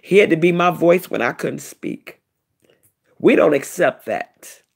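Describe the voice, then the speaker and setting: A middle-aged woman giving an emotional personal testimony, telling her story in an animated, repetitive way. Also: sits low, measured pace, creaky, breathy edge. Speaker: vlogger, self-described prophetess.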